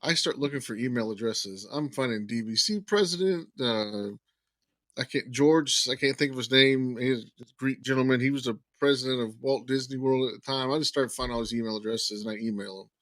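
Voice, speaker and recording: Talking fairly quickly with no room sound, this mid-range-voiced podcast guest spins a long anecdote from his own life. He's an animated storyteller who voices the other people's lines as he goes.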